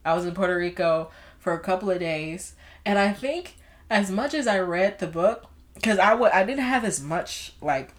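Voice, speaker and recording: A woman's voice: mid-range voice, moderate pace. A young woman chatting casually about books she has read, rambling along with lots of fillers and restarts. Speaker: book vlogger. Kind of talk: casual book chat.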